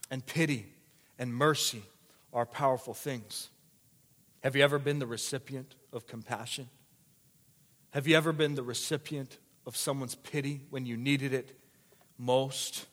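A male preacher delivering a sermon, telling a dramatic story that swings between hushed and shouted passages. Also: mid-range voice. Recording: long reverb of a large hall.

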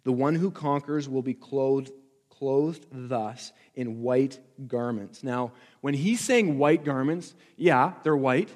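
A man preaching a sermon to his church, building to emphatic repeated lines and dropping back to quiet reflection. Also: medium pitch, takes it slowly, long reverb tail. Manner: impassioned preaching with rising emphatic repetition. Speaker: pastor.

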